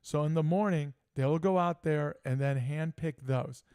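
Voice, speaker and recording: Guy co-hosting a sports show, telling stories all animated, laughing a lot, dry close sound. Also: a little high, a little slow, clear, resonant tone, no echo. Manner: animated storytelling, laughs often. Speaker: co-host. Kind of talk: casual chat.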